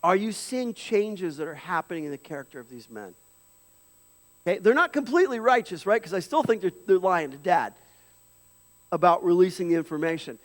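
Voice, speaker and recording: A male pastor preaching a conversational sermon in a church, acting out the lines of the people in his story with lively voices. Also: high voice, fairly quick, long reverb tail. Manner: conversational preaching with animated, dramatized quotes. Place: church sanctuary.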